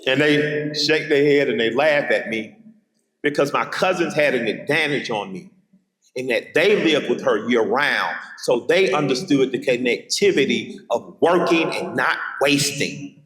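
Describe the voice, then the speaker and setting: A man's voice: mid-range voice, lively intonation, a little slow, a bit bright. A middle-aged man with an Atlanta Southern accent, giving a keynote speech at a college with emphatic, rhythmic repetition and vivid personal storytelling. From Atlanta, Georgia. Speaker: keynote speaker. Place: large hall at a college. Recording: echoey hall with long reverb.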